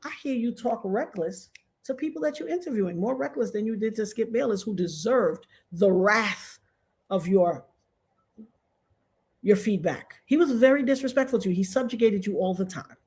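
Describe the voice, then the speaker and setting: A woman's voice: mid-range voice, moderate pace, darkish tone. An American woman doing casual commentary, emphatic and repetitive, with sudden outbursts. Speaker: commentary vlogger.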